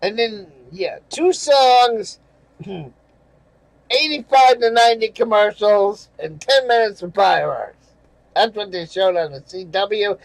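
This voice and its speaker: High-pitched guy slowly ranting over comments, swearing a lot, dry close sound. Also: gravelly, no room sound, rough recording. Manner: angry, profane, sarcastic; chuckles between remarks. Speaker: channel host reading viewer comments.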